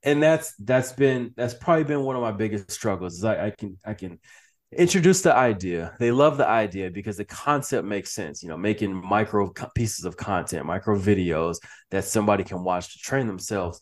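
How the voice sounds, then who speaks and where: A man appears as a podcast interview guest, speaking casually in a lowish voice at a moderate pace. He is animated, laughs often, restarts many sentences, and acts out quoted lines.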